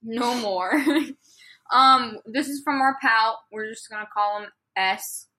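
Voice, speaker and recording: A young woman co-hosting a podcast from a dorm room, chatting casually with giggles, swearing and deadpan jokes. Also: fairly high pitch, takes it slowly. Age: young adult. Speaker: podcast co-host. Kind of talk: casual chat. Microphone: laptop.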